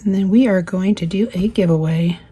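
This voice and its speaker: A woman's voice: mid-range voice, fairly quick, breathy edge. A woman in her fifties with a slightly worn voice, hosting a casual craft chat, reading viewer comments aloud and laughing often. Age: 50s. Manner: chatty and warm, laughs often. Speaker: craft channel host.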